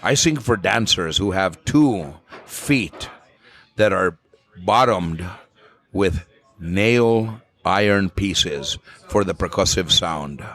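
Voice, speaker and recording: A man's voice: sits low, slow pace. A middle-aged man from New Mexico, a flamenco singer chatting as a podcast guest, telling things with vivid images and dropping in Spanish words. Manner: relaxed storyteller, vivid imagery, slips into Spanish. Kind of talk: casual interview chat.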